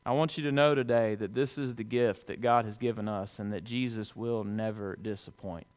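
A man preaching a sermon to a congregation, conversational and folksy, swinging between loud emphatic peaks and hushed low lines. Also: fairly even intonation, normal speed, smooth. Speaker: pastor.

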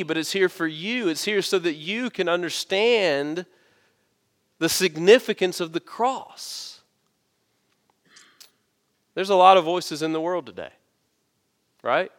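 Male pastor, earnest sermon, high voice, slow deliberate delivery, repeats phrases for emphasis. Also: fairly bright tone.

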